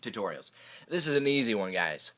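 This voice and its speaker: A man's voice: fairly low pitch, sing-song, a little fast, fairly bright tone. A young man hosting his own magic channel, answering viewer questions in a chatty, rambling way with many hesitant restarts. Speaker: YouTube magic channel host. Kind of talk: casual Q&A vlog. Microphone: camera microphone.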